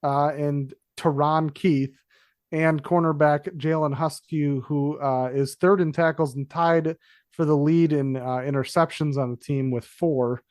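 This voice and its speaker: A man's voice: a little high, fairly even intonation, a little slow, a little mellow, no room sound, studio quality. A man co-hosting a sports podcast, talking through picks in a rambling, casual way with fillers and self-corrections. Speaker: podcast co-host. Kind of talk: casual sports betting chat.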